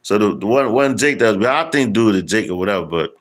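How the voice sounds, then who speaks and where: A man preaches in a loose street style, full of slang and swearing, pausing to read scripture slowly and with emphasis. His voice sits on the low side and is animated.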